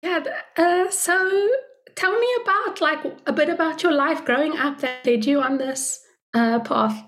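A woman interviewing an artist in a relaxed way, encouraging him and hesitating with fillers as she frames her questions. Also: sits high, unhurried. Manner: encouraging, with frequent affirming murmurs and hesitant fillers. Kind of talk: casual interview conversation.

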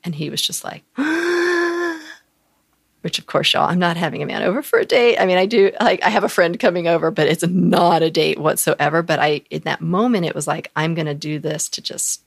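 A woman podcast co-host, telling a candid personal story, animated and full of fillers, acting out the voices of people she quotes. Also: fairly low pitch, fairly quick, gravelly, few pauses, slightly rough, no room sound.

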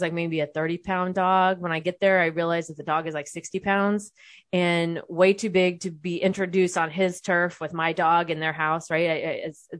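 A woman's voice: on the low side, dry recording. A young adult woman telling a personal story to her viewers, candid and conversational, swearing freely and restarting her sentences often. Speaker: vlogger.

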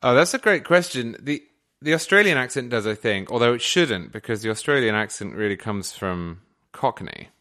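A man's voice: mid-range voice, animated, moderate pace, pushed and bright. A man from England with a received pronunciation accent, a guest on a podcast making his case in an articulate, emphatic way. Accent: English received pronunciation. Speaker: guest commentator. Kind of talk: podcast conversation.

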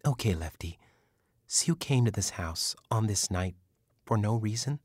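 A man's voice: mid-range voice, animated, normal speed, no echo, studio quality, pitched above the performer's own voice, natural voice. A man voicing a weary older mother in an audiobook, blunt and nagging with her grown son. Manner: sharp-tongued, nagging.

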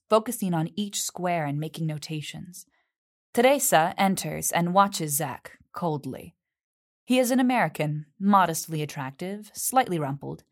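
A woman reading a play's stage directions in a clear, measured, neutral manner. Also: on the low side.

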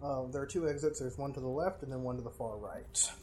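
A man's voice: medium pitch, quick pace, mellow, breathy edge. A young man narrating as game master of a tabletop game, casual and laughing often.

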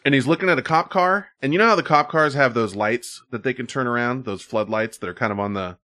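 A man's voice: medium pitch, fast, bright, forceful tone. A man hosting a podcast in casual chat, laughing often and talking loosely and profanely. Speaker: podcast host. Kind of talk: casual chat about viral videos.

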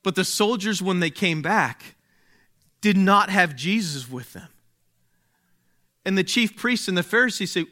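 A male pastor preaching a sermon slowly and emphatically, with dramatic pauses and rising swells of volume. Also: sits high, lively intonation, bright, forceful tone.

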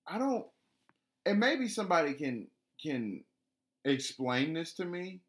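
A man's voice: on the high side, sing-song, a little slow, a bit bright. A man talking casually about training his dog, rambling with frequent restarts and fillers. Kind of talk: casual spoken monologue.

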